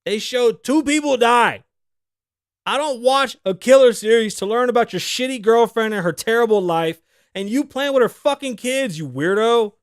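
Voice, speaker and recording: A man's voice: extremely high pitch, normal speed, smooth, no echo, clean studio sound. A man in his thirties hosting a casual solo podcast, ranting and joking with a lot of profanity and frequent laughter. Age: 30s. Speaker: podcast host. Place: studio.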